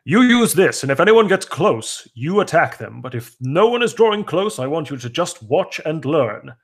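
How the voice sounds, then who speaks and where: A man speaking as a steady fighter. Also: a little high, moderate pace, breathy edge, exaggerated voice. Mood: instructive. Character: steady male fighter giving orders.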